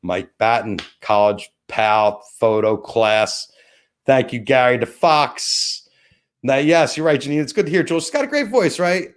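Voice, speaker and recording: A middle-aged man talks loosely into a desk mic, hosting his own live stream. He rambles and thanks viewers one by one. His pitch sits in an ordinary middle range. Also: expressive, a little slow. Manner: rambling, thanks viewers by name and plugs sponsors. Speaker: host of a live-stream show. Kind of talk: casual live-stream chat.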